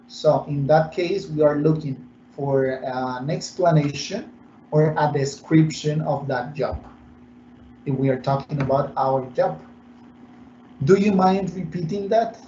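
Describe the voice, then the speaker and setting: A male English teacher whose first language is Spanish speaks in a fairly high, steady, dark voice, with a little hiss or hum. He gives a bilingual online English lesson, explaining slowly and switching between English and Spanish, in an echoey, muffled room recording.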